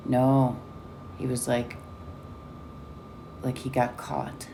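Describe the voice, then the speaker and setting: Very low-voiced blunt woman vlogger. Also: level tone, slow pace, creaky, long pauses, background noise. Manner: blunt, swears often. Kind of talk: candid personal storytelling.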